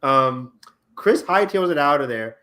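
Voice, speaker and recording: A man co-hosting a podcast, excitedly retelling TV episode scenes in casual chat. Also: on the high side, unhurried. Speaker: podcast co-host.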